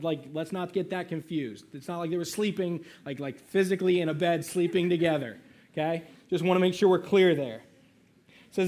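A man's voice: high-pitched, a little mellow. A pastor giving a sermon in a casual, conversational way, with frequent asides to his listeners.

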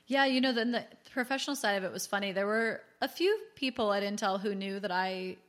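A woman's voice: medium pitch, a little fast. A woman in her thirties, a guest telling her own story in a candid, chatty way and acting out quotes. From California. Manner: chatty, animated, acts out quotes. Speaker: guest, business founder.

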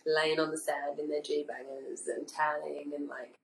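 A woman from England chatting as a guest on a podcast, lively and playful. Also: low-pitched, a little slow, vocal fry. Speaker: guest, boxer. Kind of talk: casual podcast chat. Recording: roomy, slightly distant, faint background noise.

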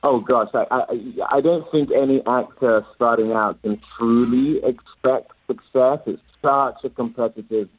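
A male actor with an English accent, a guest on a radio morning show, answering in a measured, reflective way with some stammered restarts. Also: medium pitch, dry recording, phone-quality sound. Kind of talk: radio interview.

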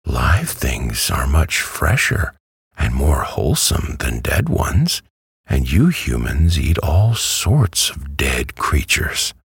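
A man voicing a brisk, self-assured talking hen, with a cackling manner and a raised, husky voice in a storybook reading. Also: a bass voice, wildly swooping pitch, dry recording, clean studio sound, exaggerated voice. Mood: matter-of-fact. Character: chatty, matter-of-fact talking yellow hen, female.

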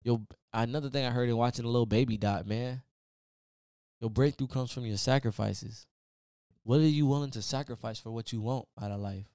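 A man's voice: medium pitch, moderate pace, warm tone, clean tone, no echo, studio quality. A man hosting his own podcast, giving a casual, preachy motivational talk full of repeated "man" and "y'all.". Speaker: podcast host. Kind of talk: motivational solo podcast rant.

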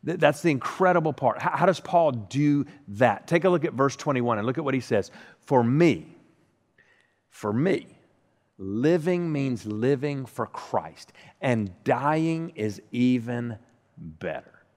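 A man's voice: mid-range voice, expressive, takes it slowly, a little mellow. A man preaching a sermon as pastor, often stuttering and repeating words as he starts a line. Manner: stammers and repeats the first sounds of words. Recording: long hall reverb.

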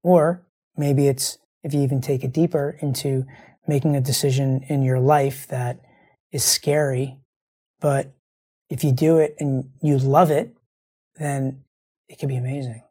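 A man's voice: mid-range voice, steady tone, a little slow, dark tone, husky. A man hosting a show, speaking in an earnest, rambling monologue to his listeners while grieving and close to tears, often repeating himself. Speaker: show host.

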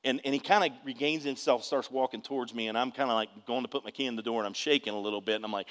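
Animated preacher man, reverby hall. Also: mid-range voice, fast. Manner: animated storytelling, bursts of shouting. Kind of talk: testimony sermon.

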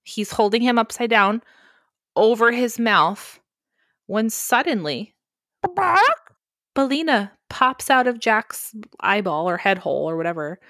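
A woman's voice: medium pitch, expressive, a little slow, pauses often, a bit bright, no echo, clean studio sound. A woman casually recapping a film on a podcast, telling it with energy, swearing freely and acting out the characters in funny voices. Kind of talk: casual chat.

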